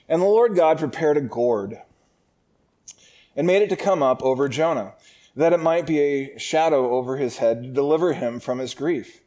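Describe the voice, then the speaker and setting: A man's voice: medium pitch, dark tone. A man teaching a Bible passage in a casual, joking way, often laughing and acting out lines in a raised voice. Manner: jokey and conversational.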